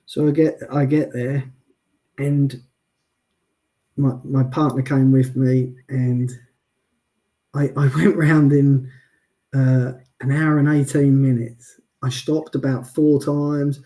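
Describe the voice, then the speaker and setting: A man telling stories as an interview guest, chatty and deadpan, often adding "I'll be honest with you.". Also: mid-range voice, takes it slowly, pauses often. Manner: self-described sarcastic and deadpan, frequent "I'll be honest with you"; chatty storyteller with many restarts. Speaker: guest, wheelchair athlete. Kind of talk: casual interview chat.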